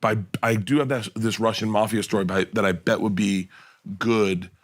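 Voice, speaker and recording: A middle-aged comedian appearing as a podcast guest tells casual stories in a lowish voice at normal speed. He's an animated storyteller who acts out the people he quotes.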